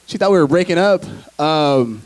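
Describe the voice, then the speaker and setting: A man's voice: a little high, expressive, moderate pace, no echo. A man performing a stand-up comedy set on stage, talking loosely and chatting with the crowd between jokes. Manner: loose, conversational delivery with frequent laughs and asides to the crowd. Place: theater stage before a live audience.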